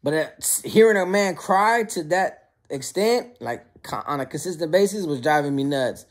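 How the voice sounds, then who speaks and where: A man who served time, casually telling prison stories in a slangy, animated way. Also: on the high side, normal speed. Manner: slangy and conversational, often calls listeners bro; animated, acts out quoted lines. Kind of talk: casual storytelling to camera.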